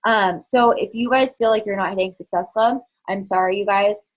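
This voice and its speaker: A woman's voice: medium pitch, fairly even intonation, moderate pace. Frank, chatty woman coaching her team. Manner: frank and chatty, swears, many fillers. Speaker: network marketing fitness coach. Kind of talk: candid motivational team call talk.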